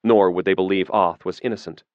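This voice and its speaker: A man reading a fantasy audiobook in a steady, measured narration. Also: low voice, no echo, dull audio.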